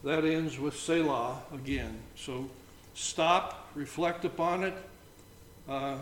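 Guy leading a bible study, kinda high voice, reads verses out slow, echoey room. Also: fairly bright tone. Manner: reads scripture aloud between halting comments. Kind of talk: informal Bible study reflection. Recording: roomy echo, faint background noise.

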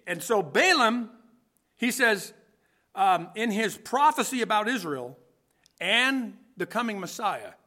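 A man's voice: sits high, pushed and bright. A man preaching a conversational sermon, thinking aloud as he explains scripture, with frequent restarts.

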